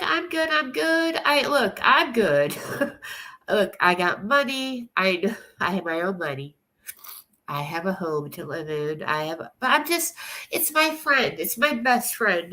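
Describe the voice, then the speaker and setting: A woman's voice: a little high, bright, forceful tone. Tearful woman rambling on a livestream. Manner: tearful, rambling, laughing through tears. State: crying. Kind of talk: casual livestream chat.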